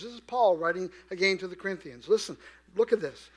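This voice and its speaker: A man preaching a sermon in a conversational way, asking his listeners questions and swinging from quiet to loud. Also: high-pitched, animated, brisk. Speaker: pastor.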